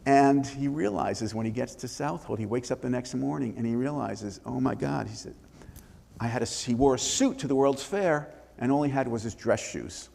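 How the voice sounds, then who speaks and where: An older male author tells a story in a live interview, lively and full of restarts. His voice is gravelly with some fry at mid pitch. A long hall reverb trails his words. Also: normal speed. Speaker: author and former congressman. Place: synagogue hall before an audience.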